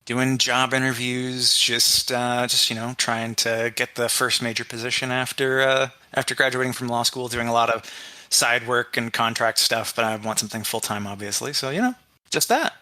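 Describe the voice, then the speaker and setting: A man in his twenties speaks with a bright, forceful voice at a middle pitch. He answers casual podcast questions hesitantly, leaning on fillers. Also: normal speed. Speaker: lawyer guest.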